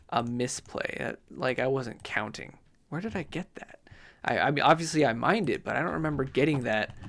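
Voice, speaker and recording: A man giving casual gameplay commentary, rambling to himself with mock outrage. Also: medium pitch.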